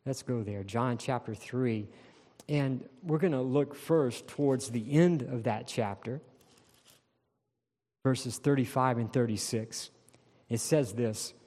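A man's voice: mid-range voice, darkish tone. Man preaching in an echoing hall. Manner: emphatic, slows down to stress key words of scripture. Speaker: pastor. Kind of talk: sermon. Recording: long reverb of a large hall.

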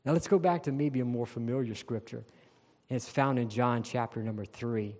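A man's voice: medium pitch, darkish tone. Man preaching in an echoing hall. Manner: emphatic, slows down to stress key words of scripture. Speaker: pastor. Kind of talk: sermon. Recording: long reverb of a large hall.

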